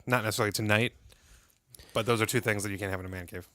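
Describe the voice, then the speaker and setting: A man co-hosting a casual podcast chat, making sarcastic, deadpan quips. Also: fairly low pitch, racing, dry recording. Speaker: podcast co-host. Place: living room of a house with a fireplace. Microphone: studio microphone.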